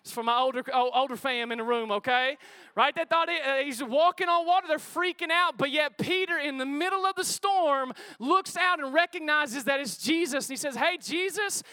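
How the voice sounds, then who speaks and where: A pastor, delivering a lively sermon. His voice sits high and sounds ringing and bright. The sound is close and dry, and he keeps calling out to his congregation in a chatty way. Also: fairly quick, no echo. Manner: energetic, conversational preaching with crowd call-outs. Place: church auditorium before a congregation.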